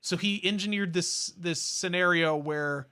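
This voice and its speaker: A man's voice: high-pitched, a little slow, sharp tone, clean tone. A man co-hosting a podcast, rambling through a long movie recap in casual chat. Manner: rambling retelling with fillers. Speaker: podcast co-host.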